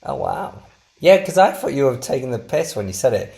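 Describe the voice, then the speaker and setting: A man's voice: medium pitch, big pitch swings, brisk, gravelly, a little mellow. A man co-hosting a podcast, rambling and poking fun at himself in a casual travel chat. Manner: rambling, self-deprecating. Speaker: podcast co-host.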